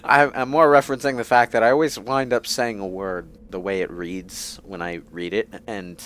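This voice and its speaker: A man's voice: lowish voice, level tone, moderate pace, fairly bright tone, smooth. A man giving casual gaming commentary over a playthrough, rambling with many fillers and restarts. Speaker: let's play commentator.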